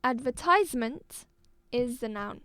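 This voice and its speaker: A woman from Algeria teaching an English exam-review lesson, repeating words and spelling them out slowly for her pupils. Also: on the high side, lively intonation, pushed and bright, smooth, no room sound.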